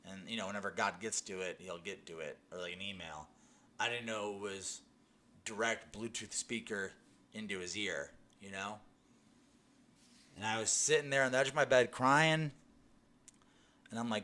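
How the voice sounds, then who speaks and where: A man's voice: on the low side, moderate pace, pauses often, sharp tone. A young man giving a personal faith testimony, telling his story earnestly with many restarts and "you know"s. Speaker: testimony speaker.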